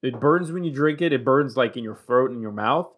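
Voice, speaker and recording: Brief: young man, English, middle pitch, casual, rambling talk-show guest. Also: a little fast. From Romania. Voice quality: swears and laughs often while rambling. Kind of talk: casual chat.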